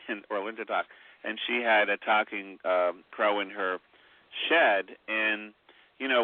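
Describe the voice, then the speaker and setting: A man with a low voice tells rambling stories full of fillers as a guest on a radio interview. His voice comes over a tinny phone line, dry and close. He speaks in an easy, unhurried way. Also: no echo. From Mi'kmaq heritage. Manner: rambling storyteller, many fillers. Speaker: author guest.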